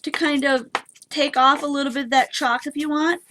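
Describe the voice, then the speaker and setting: Woman, craft tutorial host, bright tone, bubbly and chatty, casual demo. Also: sits high, fairly even intonation, moderate pace, slight background noise. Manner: chatty and bubbly, talks to viewers. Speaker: papercraft live-stream host.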